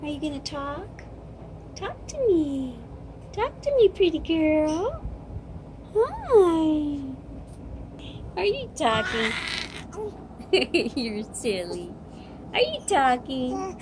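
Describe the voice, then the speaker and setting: Middle-aged woman cooing baby talk into a phone at home, high and very animated. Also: extremely slow, long pauses, background noise. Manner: sing-song, cooing, playful. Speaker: vlogger. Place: home, indoors.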